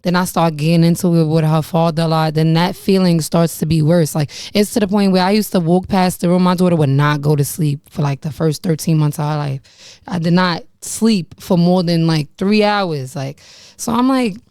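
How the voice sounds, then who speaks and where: A young woman hosts her own podcast, speaking candidly and bluntly about her experiences, with profanity and rueful laughter. Her voice sits a bit low and sounds smooth and clear. The recording is dry and close, with no room echo. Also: moderate pace, dark tone. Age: young adult. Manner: frank and profane, laughs about painful memories. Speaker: podcast host. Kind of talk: candid personal storytelling.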